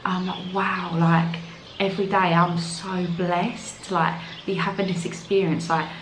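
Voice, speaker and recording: A woman's voice: lowish voice, flat delivery, moderate pace, fairly bright tone, reverberant, a little hiss or hum, poor audio. A young woman with a London accent chatting casually to camera as a vlogger, filling her talk with "like". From London, England. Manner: chatty, full of "like" fillers. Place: outdoors in the evening.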